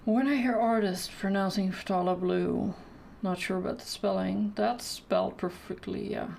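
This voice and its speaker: A woman's voice: mid-range voice, steady tone, normal speed, creaky, darkish tone, slight background noise. A woman chatting casually during a live painting stream, thinking aloud and answering questions from the chat.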